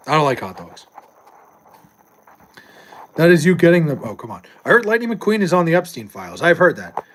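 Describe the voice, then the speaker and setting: A man's voice: a little high, pushed and bright. A young adult man streaming live, chatting casually with viewers and reading chat, loose and profane with frequent laughs.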